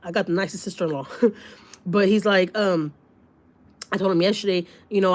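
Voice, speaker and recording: A woman's voice: lowish voice, steady tone. Woman, livestream host, casual chat, blunt and swearing, lots of fillers. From Texas, USA. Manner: blunt, swears freely, talks fast with many fillers.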